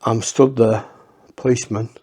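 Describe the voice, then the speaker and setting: Bloke telling a long rambly story, swears a lot, keeps restarting. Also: male voice, mid-range voice, fairly even intonation, normal speed, dark tone. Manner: rambling and profane, with many restarts. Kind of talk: casual anecdote.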